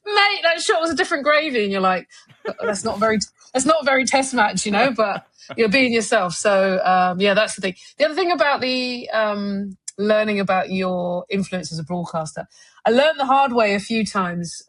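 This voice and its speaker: A woman's voice: medium pitch, no echo. A woman with a South London accent, a guest on a podcast, telling stories casually, laughing easily and slipping into voices. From South London, England. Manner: lively storyteller, laughs easily, does voices in anecdotes. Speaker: guest, former cricketer and broadcaster.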